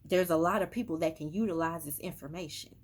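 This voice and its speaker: A woman's voice: lowish voice, fast. Woman, casual emphatic medium monologue. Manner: emphatic, repetitive, with many fillers. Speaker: spiritual medium. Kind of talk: casual social media monologue.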